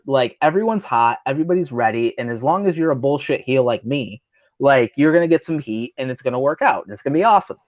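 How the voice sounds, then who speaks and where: A man's voice: medium pitch, muffled recording. A man who works as a pro wrestler, guesting on a talk show and telling a rambling, profane story full of fillers while acting out the people he quotes. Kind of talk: casual storytelling over drinks.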